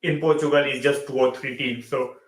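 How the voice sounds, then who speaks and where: A man's voice: mid-range voice, steady tone, a little fast, reverberant, rough recording. Man mixing Hindi and on a stream. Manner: switches between Hindi and English mid-sentence, repeats phrases. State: tired and yawning late at night. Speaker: football channel host. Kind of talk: live stream football chat.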